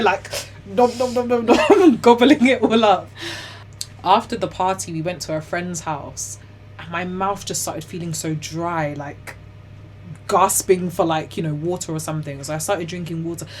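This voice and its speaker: A young woman, telling her own story as an interview guest in a chatty, animated way, full of "like" and "you know". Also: lowish voice, a little hiss or hum. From Ghana and the UK. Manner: laughs often while telling hard stories.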